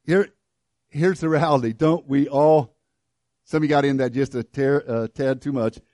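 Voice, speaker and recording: A man preaching a sermon and telling a story, often restarting his words and swinging between loud and hushed delivery. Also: mid-range voice, fairly even intonation, normal speed, no echo. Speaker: pastor.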